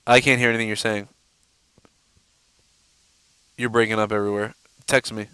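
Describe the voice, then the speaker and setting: A man hosts a live stream, rambling and cursing freely with constant fillers. His voice is bright and forceful, smooth and clear. The sound is dry and close to the mic. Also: lowish voice, flat delivery, normal speed, no room sound. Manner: profane, rambling, lots of "you know". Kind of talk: casual live-stream rant.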